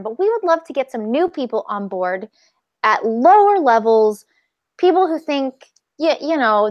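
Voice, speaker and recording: A woman's voice: fairly high pitch, no echo, dull audio. A woman co-hosting a podcast in casual chat, enthusiastic and rambling. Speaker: podcast co-host.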